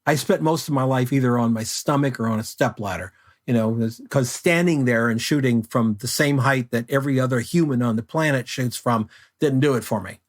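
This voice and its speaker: Veteran photographer, unhurried storyteller. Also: male voice, medium pitch. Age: older. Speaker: guest photographer. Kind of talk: casual interview chat.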